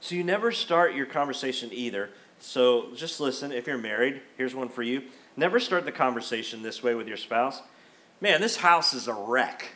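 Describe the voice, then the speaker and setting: A man's voice: mid-range voice, animated, brisk, hardly any pauses, a bit bright. A middle-aged man preaching a sermon as a pastor, conversational and emphatic, acting out quotes in the middle of his points. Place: church sanctuary.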